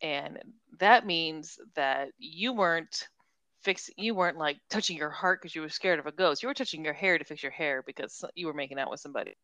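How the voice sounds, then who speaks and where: Young woman chatting about a mystery novel, kinda low voice, super dry mic. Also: fairly quick, bright, forceful tone, dry recording. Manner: chatty, retells scenes with quoted voices, giggles. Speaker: podcast co-host. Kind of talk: casual book discussion.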